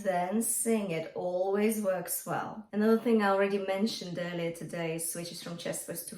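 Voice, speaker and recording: A woman singer and vocal coach teaching a song gently and encouragingly, and singing short lines to show each technique. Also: mid-range voice. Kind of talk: singing lesson with sung demonstrations. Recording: echoey room with faint guitar music.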